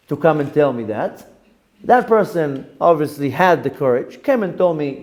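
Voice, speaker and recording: A middle-aged rabbi giving a candid, self-questioning spoken lesson, now and then jumping high on a repeated question. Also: male voice, lively intonation, moderate pace, a little mellow.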